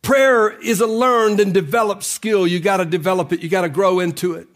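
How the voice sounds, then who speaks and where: A male pastor preaching a sermon, often breaking into a sung cadence and climbing to shouts. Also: high-pitched, fairly even intonation, brisk, faint music behind.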